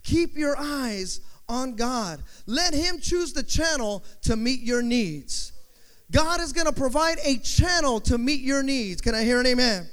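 High-voiced male preacher in a hall. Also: lively intonation, unhurried, a bit bright, smooth. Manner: call-and-response, emphatic repetition. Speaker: pastor. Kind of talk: sermon. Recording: long hall reverb.

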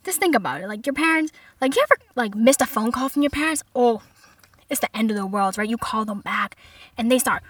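A woman's voice: fairly high pitch, a little fast, no echo, recorded from a distance. A woman in her twenties telling comic stories and trying out stand-up bits in a chatty, slangy way. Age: 20s. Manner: chatty, animated, full of "like" and slang. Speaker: comedic vlogger. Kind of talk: comedic storytelling and practice stand-up.

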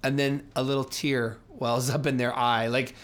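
A man's voice: mid-range voice, level tone, normal speed, a bit bright. A man co-hosting a casual faith podcast, talking reflectively and sharing stories. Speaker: co-host.

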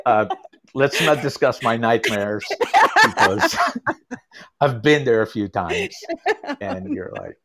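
A man's voice: mid-range voice, big pitch swings, takes it slowly, sharp tone. Dry-humored male guest. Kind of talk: casual podcast chat.

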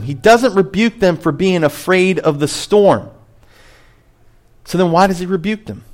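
A male pastor preaches a sermon to his congregation. His voice sits fairly high and turns animated, climbing sharply to stress a point and sinking low for quiet asides.

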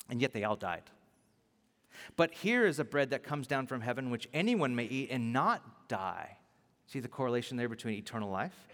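Emphatic man preaching in a reverberant hall. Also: on the high side. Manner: animated, emphatic preaching with repetition. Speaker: pastor. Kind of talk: sermon.

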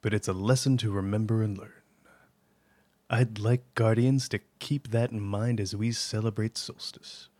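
A man reading the lines of a stern male military commander in a solemn, measured way. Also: fairly low pitch, fairly even intonation, darkish tone, no echo, voice pushed down, natural voice.

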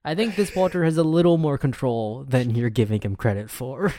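A man's voice: mid-range voice, lively intonation, dark tone, no echo, studio quality. A man co-hosting a podcast, chatting casually and jokingly about a TV episode, laughing often. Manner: joking, lots of laughter and quick asides. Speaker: podcast co-host. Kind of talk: casual chat recapping a TV episode. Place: studio.

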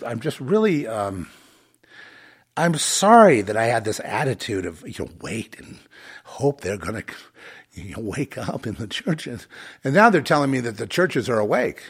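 A man's voice: fairly low pitch, vocal fry, slightly rough. A man hosting his own podcast, delivering an angry, profane and sarcastic solo rant. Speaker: podcast host.

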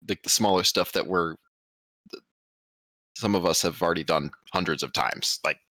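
A man chatting casually on a podcast in a relaxed, rambling way, often restarting his sentences. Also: low voice, normal speed, dry recording. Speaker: podcast co-host. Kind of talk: casual chat.

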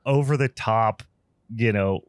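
A man's voice: lowish voice, a little slow, no echo, studio quality. A man co-hosting a podcast, retelling movie scenes in a casual, sarcastic way and laughing often. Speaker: podcast co-host. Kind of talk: casual film review chat.

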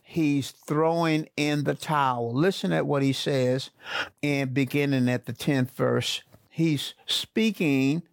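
A male pastor preaching a sermon, slowly repeating his key phrases for emphasis. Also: mid-range voice, fairly even intonation, creaky, no echo, studio quality.

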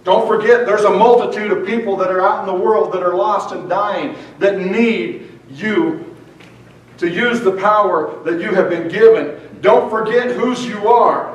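A man with a high voice preaches a fervent sermon as pastor, his words often stumbling and repeating before he pushes on. He is heard from some distance off the mic, and a heavy echo hangs on every phrase. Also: normal speed, few pauses. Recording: very echoey hall, mic far off.

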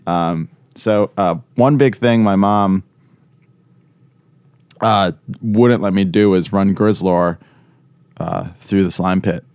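A man's voice: sits low, fairly even intonation, slow, long pauses, a little mellow, smooth, no room sound, lo-fi sound. A man co-hosting a podcast in casual chat, joking, laughing often and acting out quotes. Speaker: podcast co-host.

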